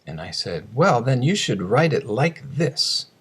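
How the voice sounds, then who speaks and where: A man teaching English pronunciation, reading slow word drills and explaining sounds. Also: medium pitch, sing-song, a bit bright, slightly rough. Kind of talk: scripted lesson narration.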